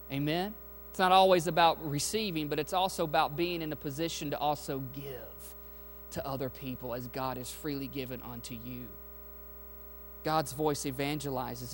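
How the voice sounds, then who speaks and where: A pastor preaching a sermon to his congregation. He is a man with a high voice and an emphatic, rousing delivery, and he often asks his listeners for an amen. Faint music and a low mains hum sit behind his voice. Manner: emphatic preaching with call-and-response asides. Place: church sanctuary.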